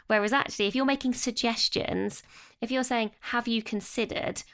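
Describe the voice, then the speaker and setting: A woman's voice: medium pitch, fairly quick, fairly bright tone. A woman co-hosting a career podcast in casual chat. She is reflective and self-deprecating, and shares personal anecdotes. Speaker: podcast co-host.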